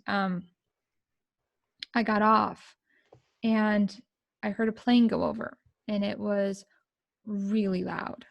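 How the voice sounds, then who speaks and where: Middle-aged American woman, podcast guest. Gravelly, flat delivery, emotional and halting, dry close sound. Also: mid-range voice, no room sound. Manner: emotional, halting, many fillers and restarts. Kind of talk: personal storytelling.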